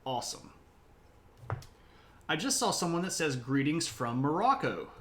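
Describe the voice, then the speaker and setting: This South Mississippi history livestreamer, a middle-aged man, talks unhurriedly in a fairly high, fairly bright voice with big pitch swings, chatting and rambling off on tangents while calling himself opinionated. A little hiss or hum is audible.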